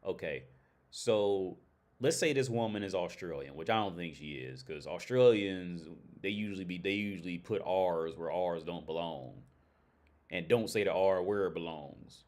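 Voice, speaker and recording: A man's voice: deep voice, normal speed, darkish tone. A man hosting a livestream, talking bluntly and profanely in a rambling, casual way, often restarting sentences. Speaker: livestream host.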